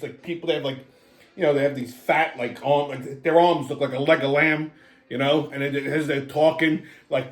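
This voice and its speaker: A New England man in his seventies hosts his own show, mixing stories with profane rants about the news. His voice is high for a man, loud and animated, and the sound is roomy.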